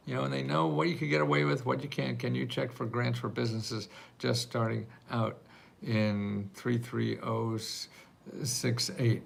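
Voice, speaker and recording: A man's voice: mid-range voice, flat delivery, normal speed, gravelly. An older man hosting a live video stream, answering viewer questions in a chatty, rambling way and laughing often. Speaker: livestream host answering viewer questions about grants. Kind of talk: casual live Q&A.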